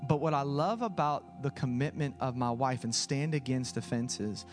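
A man's voice: medium pitch, normal speed, faint music behind. A man preaching with emphatic, building repeated phrases, shifting into chatty storytelling. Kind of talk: impassioned preaching.

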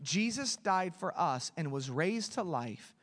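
High-voiced preaching man. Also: very animated, unhurried, fairly bright tone. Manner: emphatic, rising with repeated phrases; breaks into chatty storytelling. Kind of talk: impassioned preaching.

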